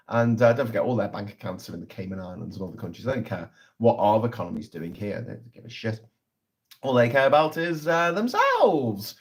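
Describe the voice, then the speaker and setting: A man's voice: lowish voice, sing-song, fairly quick. Sarcastic, sweary man. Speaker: political livestream host. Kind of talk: casual political commentary livestream.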